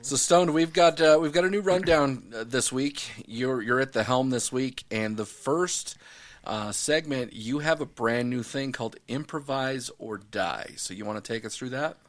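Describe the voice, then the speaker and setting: Laid back podcast host guy, middle pitch, lots of uhs. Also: normal speed. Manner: relaxed, hesitant with fillers. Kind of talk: casual chat.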